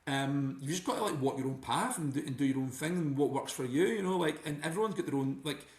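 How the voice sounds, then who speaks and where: A man's voice: on the high side, expressive, fast, a little mellow. A Scottish man talking casually as a podcast guest, rambling and often restarting his sentences. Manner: rambling, many restarts and "you know". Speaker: guest author and teacher. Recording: roomy echo.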